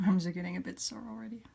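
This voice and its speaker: A young woman talking through a carving tutorial in a casual, soft-spoken way, often slipping into a whisper. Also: medium pitch, vocal fry, a little hiss or hum. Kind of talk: casual how-to narration.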